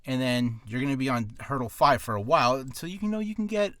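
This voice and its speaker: A man's voice: medium pitch, very animated, fast talker, a bit bright, dry recording, studio quality. A man coaching voice acting in a loose, rambling, joking way. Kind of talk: casual coaching talk.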